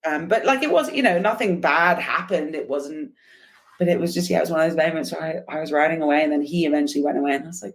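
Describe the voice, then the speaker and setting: A woman's voice: low-pitched, fast. A young adult woman, a podcast guest, telling a travel story in casual chat, acting out the other people's lines with many restarts. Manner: animated, acts out quoted dialogue, many restarts.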